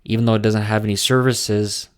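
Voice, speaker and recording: A man's voice: fairly low pitch, flat delivery, clear, resonant tone, no room sound, studio quality. A young man casually talking through updates on his small businesses, hesitant and full of restarts. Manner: slow, halting delivery with frequent restarts and fillers. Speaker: small business owner vlogging.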